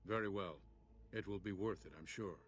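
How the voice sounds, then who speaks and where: An actor playing a calm, methodical male scientist in a video game, speaking in a measured, clinical way. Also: low-pitched, a little hiss or hum, lightly acted.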